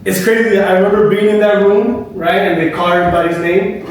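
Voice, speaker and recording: A man's voice: sits high, fairly even intonation, fairly quick. Young man telling a story in an echoey barbershop. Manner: loose, swearing, says "bro" constantly. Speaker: barber and podcast co-host. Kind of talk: casual storytelling chat. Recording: echoey room, mic at a distance, light noise.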